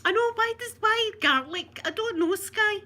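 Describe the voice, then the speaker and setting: A woman's voice: very high voice, animated, moderate pace, sharp tone. A Scottish woman from Scotland in casual live chat, talking to viewers, laughing often and reading out their comments. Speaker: vlogger.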